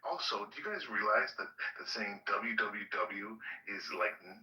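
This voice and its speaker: A man's voice: fairly low pitch, lively intonation, moderate pace, sharp tone, reverberant, poor audio. A Canadian man rambling with mock earnestness and many fillers in a group voice chat.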